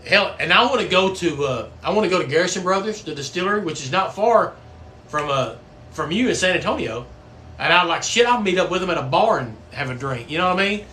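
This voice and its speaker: A man's voice: high-pitched, expressive, brisk, bright, forceful tone, slight background noise. A middle-aged man hosting a casual livestream, folksy and swearing freely. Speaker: livestream host; coach.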